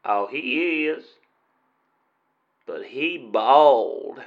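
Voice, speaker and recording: A man's voice: medium pitch, expressive, very slow, muffled recording. A man voicing a pushy male caller who talks in an exaggerated folksy cowboy drawl.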